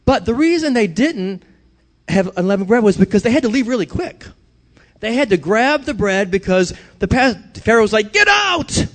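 A man's voice: sits high, expressive, normal speed. A middle-aged man preaching a sermon to his congregation, conversational at times and rising to emphatic declarations at others. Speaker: pastor.

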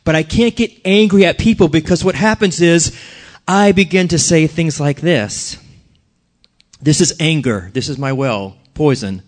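Male pastor, slightly high voice, earnest conversational sermon delivery. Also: lively intonation, moderate pace. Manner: earnest, conversational preaching with questions to the congregation.

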